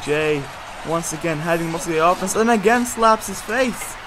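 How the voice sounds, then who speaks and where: A commentator calls a hobby wrestling match with excited play-by-play, swinging between hushed remarks and shouted exclamations and adding jokey, self-correcting asides. His medium-pitched voice moves at normal speed over a noisy background.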